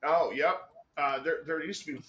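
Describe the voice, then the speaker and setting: A man co-hosting a casual livestream chat, loud and laughing often, with plenty of swearing. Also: a little high, moderate pace, a crowd in the background. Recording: roomy echo.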